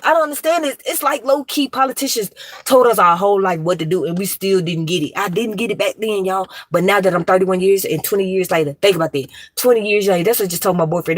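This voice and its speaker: A woman's voice: on the low side, no echo. Profane, ranting woman in her thirties. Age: 30s. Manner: profane, emphatic, repetitive. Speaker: vlogger. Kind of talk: ranting monologue to viewers.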